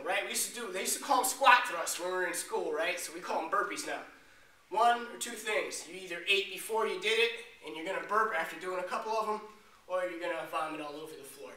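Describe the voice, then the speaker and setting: A male fitness coach with a high, piercingly bright voice, talking through exercises with energy and a joking edge. He is recorded from a distance in an echoey room with faint background noise. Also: a little fast. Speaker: fitness trainer. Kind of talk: workout demonstration.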